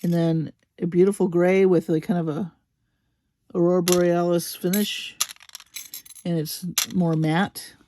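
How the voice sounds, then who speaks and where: Slow, gushing woman unboxing beads. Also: on the low side, little pitch movement, a little hiss or hum. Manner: gushing, slow and admiring, soft exclamations. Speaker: crafting video host. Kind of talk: unboxing commentary.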